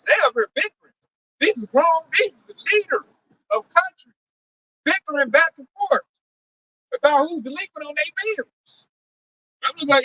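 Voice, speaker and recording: A man's voice: extremely high pitch, expressive, normal speed, pauses often, pushed and bright, far from the mic, muffled recording. A man giving a street-style sermon commentary, talking in slang and acting out other people's voices as he quotes them. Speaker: preacher.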